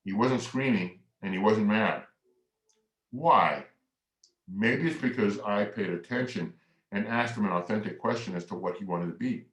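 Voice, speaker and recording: A man presenting a family workshop, telling a story in a lively way, acting out quotes and leading the audience in movements. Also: on the low side, normal speed. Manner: animated storyteller who acts out quotes and leads the audience in movements. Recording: echoey room.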